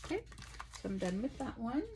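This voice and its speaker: A woman's voice: on the high side, heavy background noise. Tired woman chatting through a craft haul. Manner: relaxed, chatty, many ums and pauses. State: tired, yawning. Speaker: craft vlogger. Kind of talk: casual show-and-tell chat. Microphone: phone.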